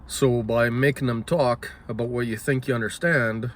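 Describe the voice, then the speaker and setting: A man thinking aloud in casual spoken musing, halting and correcting himself, often clearing his throat. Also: medium pitch, steady tone. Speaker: solo talker.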